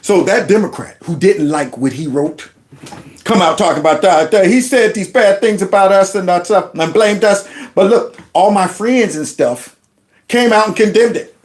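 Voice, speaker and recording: A man hosting reaction commentary, talking in an indignant, animated way and often stumbling over repeated words. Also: high voice, moderate pace. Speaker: commentary host.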